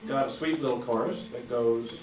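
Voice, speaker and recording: A man's voice: medium pitch, steady tone, music in the background. Wry, rambling man chatting from a roomy stage. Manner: rambling, wry, joking, halting with fillers. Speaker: folk musician. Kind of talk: stage banter between songs. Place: live concert venue with audience. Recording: roomy, distant live concert recording.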